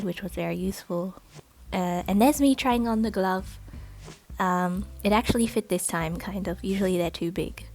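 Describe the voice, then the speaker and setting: Woman vlogger, mid-pitched, rambling casual unboxing narration, cheap home mic. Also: darkish tone. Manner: chatty, rambling, lots of "like" and "uh". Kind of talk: casual voice-over for an unboxing video. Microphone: not very good home microphone.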